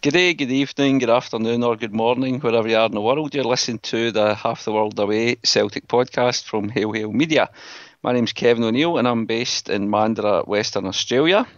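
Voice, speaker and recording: A man's voice: mid-range voice, brisk, no echo, lo-fi sound. A Scottish man hosting a podcast, chatting casually and joking with his co-hosts. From Scotland. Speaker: podcast host. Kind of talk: casual chat.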